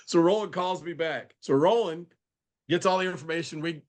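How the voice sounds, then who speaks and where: Speaking at an ordinary pace in a slightly high voice, a guest on a video call relaxes into a humorous anecdote. He brings each quoted person to life with animated changes in voice.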